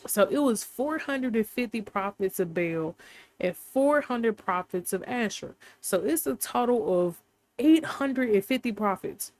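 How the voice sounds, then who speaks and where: Woman, host, casual Bible study talk, animated, laughs often. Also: a little high, unhurried, dry recording.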